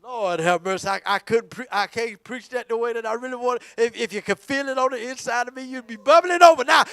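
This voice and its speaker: A man preaching a sermon in church, swinging from hushed talk to shouting, repeating words for emphasis. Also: very high voice, a little fast, few pauses, smooth, dry recording. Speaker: pastor. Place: church sanctuary.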